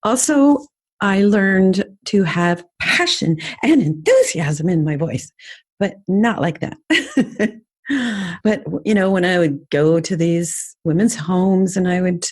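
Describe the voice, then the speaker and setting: A woman's voice: on the low side, slow pace. A middle-aged woman hosting a podcast, casually teaching sales lessons with enthusiastic coaching. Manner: warm enthusiastic coaching, lively demonstrations.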